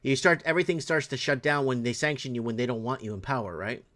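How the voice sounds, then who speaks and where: A man's voice: mid-range voice, quick pace, a bit bright. A man hosting a call-in show, blunt and argumentative, lecturing and cursing freely. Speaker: host. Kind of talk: opinionated call-in talk show.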